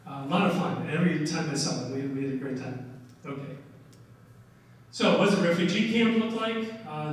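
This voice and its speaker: A man's voice: on the high side, a little hiss or hum. An older man giving a casual slide lecture on history, telling stories with many "uh"s and "okay"s. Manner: folksy storytelling with many "uh"s and "okay"s. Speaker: history presenter. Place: large echoey hall. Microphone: distant room mic. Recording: echoey hall recording from far off.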